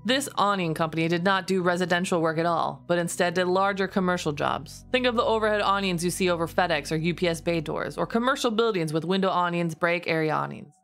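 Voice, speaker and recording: A woman streamer reading posts aloud in a deliberately lower, steady voice. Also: faint music behind. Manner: reads in a lower, steadier voice, laughs often.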